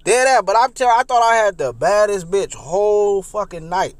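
A young man recounts a comic personal story in a high voice. He is animated and profane, and he repeats phrases as he goes. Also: moderate pace, dry recording.

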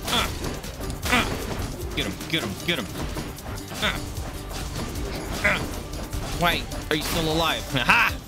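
A young man commenting on his gameplay, yelping and swearing as the fight turns on him. His voice sits a bit high and swings a lot, but he talks slowly. Loud game music plays behind him. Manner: excitable, yelps and swears while playing. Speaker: gamer. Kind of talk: let's play commentary.

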